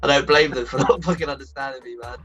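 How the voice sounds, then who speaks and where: A man's voice: medium pitch, fast, music in the background. A man with an English accent, chatting casually as a guest, swearing freely and laughing through his stories. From England. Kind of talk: casual chat.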